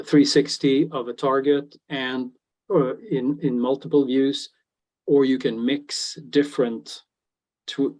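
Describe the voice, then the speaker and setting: A man presenting a technical product webinar, talking in a halting way with frequent fillers and restarts. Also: medium pitch, a little mellow, low-quality recording.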